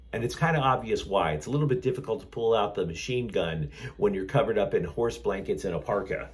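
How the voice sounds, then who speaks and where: A man's voice: fairly low pitch, animated, fairly quick, a little mellow, husky. A man hosting a sports channel, talking in a sarcastic, rambling monologue from a hotel room. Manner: sarcastic, rambling, sardonic asides. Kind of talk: snarky sports commentary monologue.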